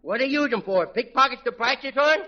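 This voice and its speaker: A man's voice: very high voice, animated, quick pace. A cheeky little boy in an old radio comedy. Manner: cheeky, childish grammar. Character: mischievous little boy sneaking into a circus. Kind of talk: 1940s radio comedy acting. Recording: muffled old radio broadcast, hiss, audience laughter.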